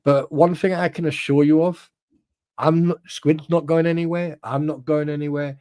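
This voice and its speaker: A man's voice: fairly high pitch, little pitch movement, moderate pace, dark tone, clean tone, dry recording, clean studio sound. A man co-hosting a casual livestream, talking bluntly and earnestly straight to the viewers. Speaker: co-host.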